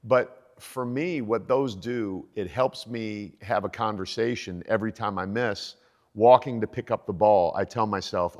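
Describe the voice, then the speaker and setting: This is a man in his sixties with a fairly low voice, talking about fitness on a podcast. He sounds energetic and motivational, and the recording has a long, hall-like reverb. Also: unhurried. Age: 60s. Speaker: podcast guest, fitness coach. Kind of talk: casual podcast conversation.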